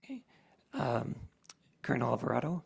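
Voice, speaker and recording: A man leads a school board meeting in a deeply gravelly, raspy voice. He speaks in measured, halting remarks with frequent fillers. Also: very animated.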